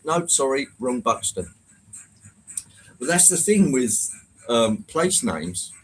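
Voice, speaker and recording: A chatty man hosts a casual live stream from his model railway room, reading out viewer comments and greeting people by name. His pitch rises and falls a lot as he talks, and he is quick to make fun of himself. A faint hiss of background noise sits under his voice. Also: rough recording. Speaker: livestream host.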